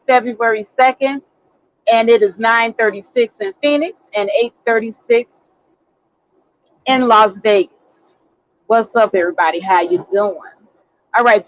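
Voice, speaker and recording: A woman with a fairly high voice hosts a casual live stream, speaking slowly and stressing her points with repetition. The sound is dull and lo-fi, with a dry, close feel. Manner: emphatic, repeats key words, addresses viewers as y'all. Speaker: host.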